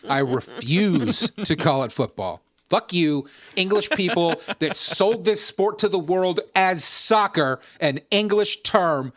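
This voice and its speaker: A man's voice: high voice, a bit bright, dry recording, studio quality. A man co-hosting a gaming podcast, chatting casually and ranting with lots of profanity. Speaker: podcast co-host. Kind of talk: casual chat.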